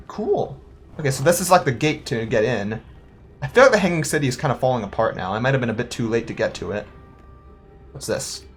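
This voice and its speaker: Rambling young gamer with a lively voice. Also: medium pitch, husky. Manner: thinks aloud, rambling and self-questioning; playful, quick to laugh. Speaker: let's-play gamer. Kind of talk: casual gameplay commentary.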